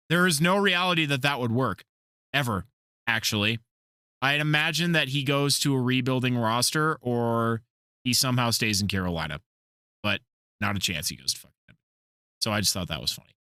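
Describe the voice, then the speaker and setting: A man's voice: medium pitch, animated, fairly quick, long pauses, bright, forceful tone, smooth, dry recording, studio quality. A man hosting a casual podcast, telling rambling stories and swearing freely. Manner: profane, rambling storyteller. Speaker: podcast host.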